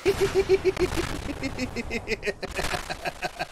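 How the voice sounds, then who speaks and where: A man chatting casually with friends while playing a game, excitable, stammering and making sound effects. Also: very high-pitched, very slow, heavy background noise. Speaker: gaming youtuber. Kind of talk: casual gaming chat with friends.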